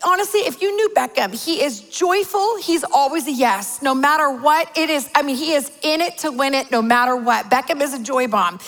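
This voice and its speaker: A woman in her forties preaching a sermon, telling family stories with animated, playful exaggeration. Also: high-pitched, normal speed, hardly any pauses. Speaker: pastor's wife preaching. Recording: long hall reverb.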